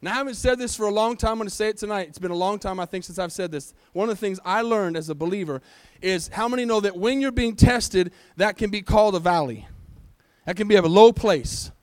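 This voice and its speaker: High-voiced preacher calling out to his church. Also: a little fast, smooth, no echo. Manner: animated, call-and-response preaching with rhetorical questions. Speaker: pastor. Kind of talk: sermon.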